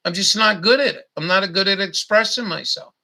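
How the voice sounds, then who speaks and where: Middle-aged male streamer, sharp bright tone, blunt profane rambling. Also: sits high, a little fast, vocal fry. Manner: blunt, profane, repetitive ranting. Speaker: livestream host. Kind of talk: casual livestream chat.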